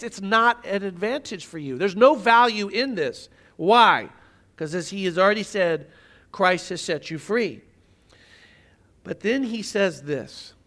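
A man's voice: very high-pitched, pushed and bright. A male pastor preaching a sermon, teaching emphatically with rhetorical questions.

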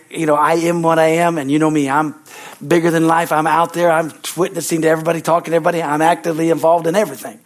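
A middle-aged man preaching with emphatic, rising energy. His voice sits a little high for a man, and he keeps calling out for amens and hallelujahs between points. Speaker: pastor. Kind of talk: sermon.

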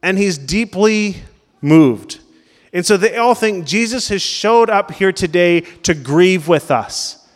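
High-voiced male pastor in a reverberant hall. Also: animated, takes it slowly. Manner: conversational preaching, questions the congregation. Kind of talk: sermon. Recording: long reverb of a large hall.

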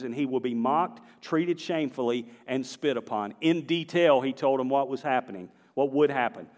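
A man delivers a sermon with a voice pitched a bit high for a man. He swings from quiet points to loud, emphatic exclamations, and a long reverb from the hall trails after each line. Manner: animated, rising to emphatic exclamations. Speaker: pastor.

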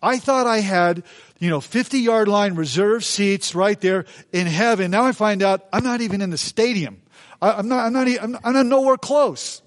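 A man playing a dismayed, religious older man who speaks low and hushed in disbelief. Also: moderate pace, natural voice. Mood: stunned.

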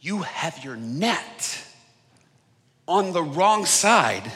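A man voicing a calm, gently amused male teacher. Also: on the high side, drawn-out words, big-room sound, voice pushed down, heavily acted. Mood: playful.

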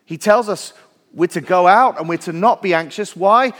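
A man's voice: high voice, normal speed, a bit bright, in a large hall. A male pastor preaching a sermon in a church, earnest and building lists with rising emphasis. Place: church sanctuary.

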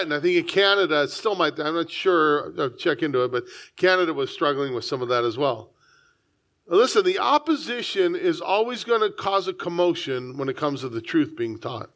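A man's voice: high-pitched, fairly bright tone. A man preaching a sermon as a pastor, reading scripture and talking in a conversational way with frequent asides. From United States.

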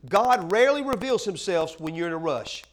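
A man preaching a sermon as pastor. He asks the congregation questions and answers them himself, drops to a hush at times, then builds up loud and fervent. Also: high-pitched, lively intonation, a little fast.

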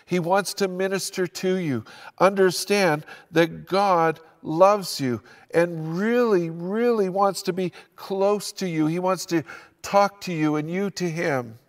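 A man's voice: high-pitched, slow pace. An older man preaching an earnest sermon as pastor, building his emphasis as he speaks. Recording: long hall reverb.

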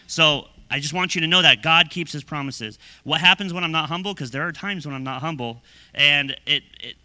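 A young man in his twenties preaching a sermon in a conversational, energetic way, often checking in with "right?" and "okay?". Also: a little high, fairly quick. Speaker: pastor.

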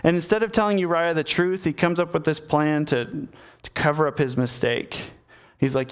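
Addressing listeners directly, a man preaches in a conversational, story-driven way, performing the characters as he goes. His tone is steady, clear, and resonant, pitched on the high side at a moderate pace.

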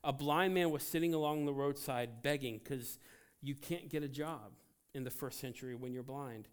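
A man preaching a sermon as pastor, emphatic and animated, swinging between loud outbursts and quiet asides. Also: mid-range voice, moderate pace, smooth. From United States.

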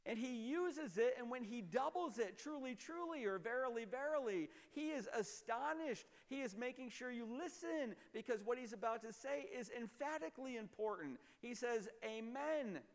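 High-voiced preacher in an echoing hall. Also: male voice, animated, moderate pace, hardly any pauses. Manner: emphatic, explanatory preaching with sudden drops to a low voice. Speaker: pastor. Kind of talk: sermon.

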